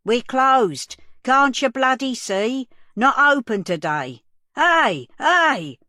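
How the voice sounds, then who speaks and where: A woman narrator voicing a hot-tempered middle-aged man who runs a cafe, speaking gruffly and barking. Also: low-pitched, expressive, normal speed, no room sound, clean studio sound. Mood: angry.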